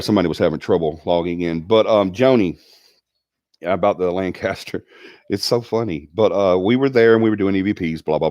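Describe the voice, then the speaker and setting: A man's voice: deep voice, darkish tone, dry recording, clean studio sound. A man with a Southern American accent hosting a casual livestream, rambling and chatty as he tells stories and reads out viewer comments. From Alabama. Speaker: livestream host.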